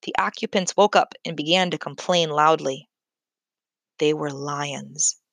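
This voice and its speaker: A woman narrating a children's book in a measured, clear storytelling manner. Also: low voice, a bit bright, no room sound. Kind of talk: scripted audiobook narration.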